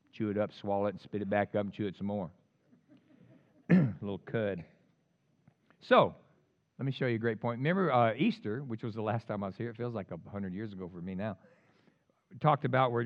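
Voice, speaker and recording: A man preaching a sermon, swinging between loud emphatic lines and quiet asides. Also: lowish voice, lo-fi sound. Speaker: pastor.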